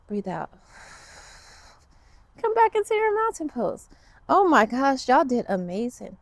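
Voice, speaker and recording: A woman's voice: mid-range voice, a little mellow, no room sound. A woman guiding a kids yoga class, upbeat and encouraging with playful cues.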